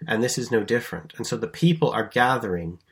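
A man giving an explanatory Bible lesson, telling the story in a lively, conversational way with emphatic stresses and small restarts. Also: medium pitch, quick pace. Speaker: Bible teacher.

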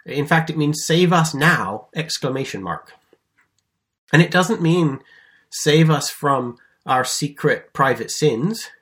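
A man giving an explanatory Bible lesson, telling the story in a lively, conversational way with emphatic stresses and small restarts. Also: on the high side, slow pace. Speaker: Bible teacher.

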